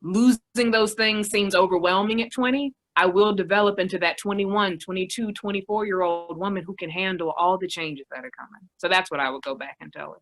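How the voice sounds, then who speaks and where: A woman self-love coach speaking thoughtfully as a guest on a podcast, slowing down to make reflective points. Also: medium pitch, steady tone. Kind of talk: reflective conversational podcast talk.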